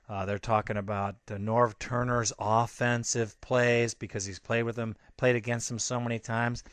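A man's voice: medium pitch, a bit bright, no echo. A man hosting a sports podcast, ranting angrily and emphatically with lots of repetition. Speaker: podcast host. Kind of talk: fired-up sports podcast rant.

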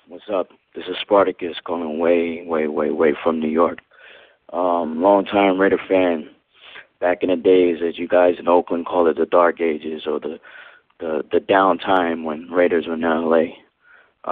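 A man calling in to a fan show, rambling, with many pauses and fillers. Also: low voice, no echo. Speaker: caller. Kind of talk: phoned-in voicemail to a fan show. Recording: tinny phone line.

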